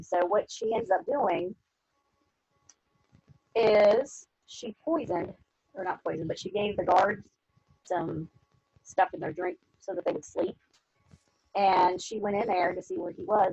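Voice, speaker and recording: A woman's voice: medium pitch, very animated, normal speed, creaky, darkish tone, husky, no echo. A woman teacher retelling a story for her class in a chatty way, full of fillers. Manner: chatty, lots of fillers like 'you know'. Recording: dull lo-fi dry recording.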